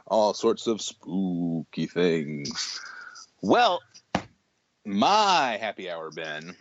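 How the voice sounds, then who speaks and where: A man's voice: low-pitched, extremely slow, lo-fi sound. Young man telling a rambling story. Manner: animated storyteller, many restarts, acts out quotes. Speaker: podcast co-host. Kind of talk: casual chat.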